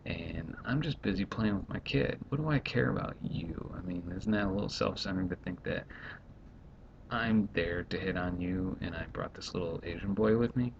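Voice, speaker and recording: Gravelly low-voiced man venting on a vlog. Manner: rambling, exasperated, quickly acts out others. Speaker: stay-at-home dad vlogger. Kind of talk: casual vlog monologue. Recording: dull lo-fi home recording, faint rumble.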